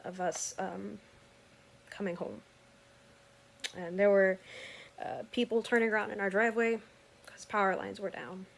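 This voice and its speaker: A woman's voice: medium pitch, fairly even intonation, measured pace, creaky, pauses often. A woman earnestly recounting a personal story in casual, rambling talk that often corrects itself mid-sentence.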